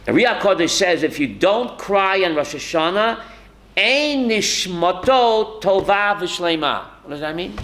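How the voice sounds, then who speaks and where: A man's voice: high voice, animated, measured pace, a bit bright, low-quality recording. A man, a rabbi, teaching a Torah class to students, calling on them by name and quoting Hebrew sources.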